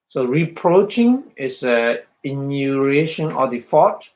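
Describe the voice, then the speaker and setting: A man giving a dharma talk as a Buddhist meditation teacher, halting, repeating phrases and checking in with his listeners. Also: medium pitch, big pitch swings, a little mellow, rough recording.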